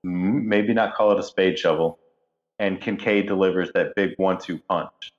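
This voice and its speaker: A man's voice: low-pitched, fairly even intonation, moderate pace, dull audio. A man on a podcast talking enthusiastically and reflectively about a film he loves. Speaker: podcast co-host. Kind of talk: casual podcast discussion.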